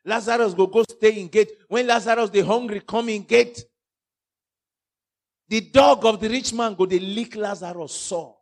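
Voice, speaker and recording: A Nigerian-accented man preaching a fiery sermon, mixing in pidgin and swinging from loud outbursts to hushed warnings. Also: sits high.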